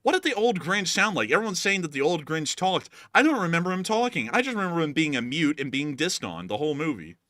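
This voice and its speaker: A man's voice: a little high, expressive, quick pace, few pauses, bright, forceful tone, dry recording, clean studio sound. A man hosting a casual war news show, rambling and joking with many fillers. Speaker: host.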